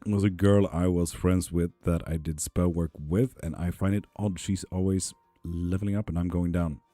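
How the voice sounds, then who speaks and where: A young man chatting casually on a live stream, reading viewer comments, relaxed, swearing freely and cheering people on, a little ill and foggy. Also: sits low, moderate pace, no echo, soft background music. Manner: laid-back, swears freely, upbeat cheering. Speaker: live tarot and spell streamer.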